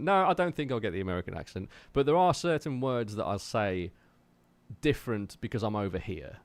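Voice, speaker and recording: Streaming from the drum room in his house, a Wolverhampton drummer with a faint West Midlands accent jokes around with his viewers and pokes fun at himself. He sounds very animated, with a medium pitch and moderate pace, and there's no echo.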